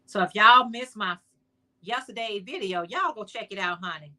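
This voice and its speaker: Woman, livestream host, casual chat, bright tone, playful asides to viewers. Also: medium pitch, normal speed. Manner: chatty, playful, talks straight to viewers; sassy, teasing asides.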